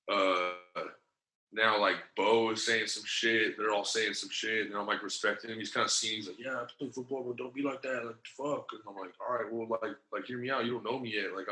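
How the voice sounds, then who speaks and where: A man's voice: on the low side, pushed and bright, echoey room, poor audio. A man telling a long story in casual, profane slang, acting out the quotes as he goes. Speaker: podcast guest.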